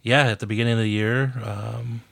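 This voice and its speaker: A man co-hosting a podcast in casual chat, easygoing and quick to agree. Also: medium pitch, fairly even intonation, gravelly, fairly bright tone, no echo. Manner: easygoing, short agreeing replies. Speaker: podcast co-host.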